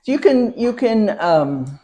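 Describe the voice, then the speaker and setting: A woman teacher with an American accent, leading a pronunciation drill in a classroom, slow and patient as she repeats words for learners. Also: fairly high pitch, big pitch swings, dark tone.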